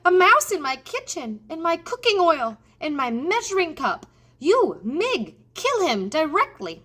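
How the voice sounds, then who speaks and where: A woman reading aloud, voicing a loud, bossy, impatient female cook from a storybook. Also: medium pitch, expressive, unhurried. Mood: alarmed. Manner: shouting, harsh, impatient.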